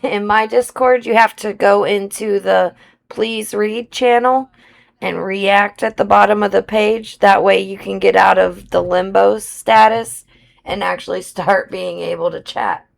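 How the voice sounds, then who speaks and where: Woman with an accent, live-stream host; unhurried, gravelly, chatty, mumbling to herself mid-game. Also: mid-range voice, fairly even intonation. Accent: non-British accent. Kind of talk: casual live-stream chat.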